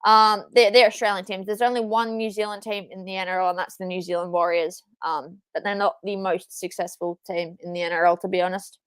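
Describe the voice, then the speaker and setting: A young woman hosting a live watchalong, reacting excitedly, swearing and yelling at the screen, then repeating her frustration. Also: medium pitch, fairly quick, hardly any pauses, clean tone, dry recording. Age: young adult. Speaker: watchalong streamer.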